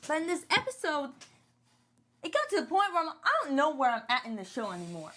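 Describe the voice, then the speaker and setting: Lively, high-voiced woman chatting. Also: fairly quick. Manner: chatty, full of "like" and restarts. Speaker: podcast co-host. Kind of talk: casual chat reviewing a show.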